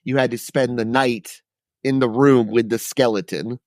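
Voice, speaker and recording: A man's voice: medium pitch, steady tone, normal speed, darkish tone, dry recording. Podcast guy telling stories, rambly and swears a lot, dry close mic. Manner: loose, profane, rambling delivery. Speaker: podcast co-host. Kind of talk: casual storytelling.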